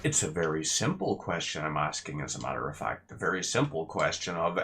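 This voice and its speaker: A man's voice: sits low, very animated, a little fast, few pauses, pushed and bright. A man giving casual, sarcastic gameplay commentary with rambling asides.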